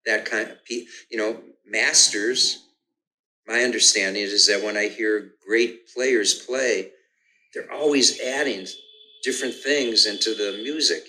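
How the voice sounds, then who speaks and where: An older man talks through his musical start in an easy conversational way, breaking off to hum rhythms and restarting his sentences. His voice sits low yet comes across bright and forceful. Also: rough recording. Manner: hums and sings rhythms aloud to explain, frequent restarts. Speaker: guest musician. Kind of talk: relaxed conversational storytelling.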